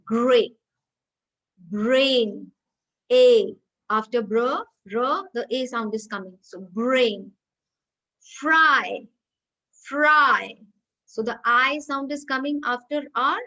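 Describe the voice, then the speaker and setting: A woman lecturer runs an online phonetics class over a video call. Her voice sits high and sounds bright and forceful. She coaxes her students patiently, asking them to say words back to her. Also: low-quality recording. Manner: patient, coaxing, asks students to repeat words.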